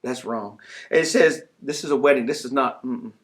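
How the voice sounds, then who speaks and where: A man preaching a sermon in a conversational style, acting out characters in quick asides. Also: mid-range voice. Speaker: pastor.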